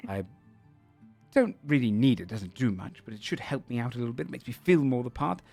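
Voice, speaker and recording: A man voicing a nervous, excitable male dragon who frets and stumbles over his words. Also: mid-range voice, brisk, vocal fry, soft background music. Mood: cheerful, fretful.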